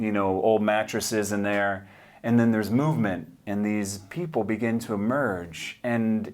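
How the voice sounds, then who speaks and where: Earnest man telling a testimony. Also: medium pitch. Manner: earnest, hushed when moved, vivid retelling. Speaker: speaker sharing a testimony. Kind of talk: personal testimony storytelling.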